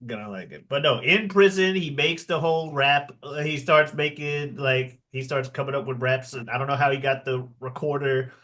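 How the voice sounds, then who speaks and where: A man's voice: mid-range voice, moderate pace, hardly any pauses, a bit bright. Laughing man recapping a movie on a call. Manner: laughs often, acts out quotes in mock voices. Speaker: movie reaction podcast co-host. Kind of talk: casual movie chat over a video call. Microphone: video call.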